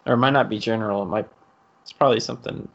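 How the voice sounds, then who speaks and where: A man's voice: lowish voice, fairly even intonation, very fast, vocal fry, fairly bright tone, lo-fi sound. A man co-hosting a podcast, chatting casually through a movie commentary, cracking jokes and laughing often. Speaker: podcast co-host.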